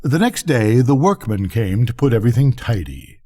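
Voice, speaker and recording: A man's voice: medium pitch, expressive, normal speed, mellow. An older man, a grandfather, reading a bedtime story aloud expressively.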